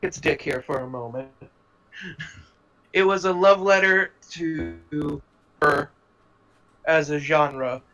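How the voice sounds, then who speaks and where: A man's voice: on the high side, slow, pauses often, pushed and bright, low-quality recording. A man co-hosting a casual podcast, laid-back and chiming in with short remarks. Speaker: podcast co-host.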